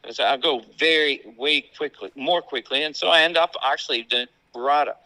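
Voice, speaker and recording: A man with an Italian accent, a guest in a casual chat, talking in an animated way. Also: a little high, fairly quick, no echo, rough recording. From Italy. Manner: animated, acts out family quotes.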